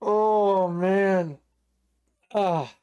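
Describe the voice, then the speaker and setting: A man's voice: high voice, fairly even intonation, extremely slow, dark tone, clean tone, muffled recording. A man hosting a live day trading stream, chatting with viewers, laughing a lot and joking in mock panic about market drops. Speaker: day trading livestream host.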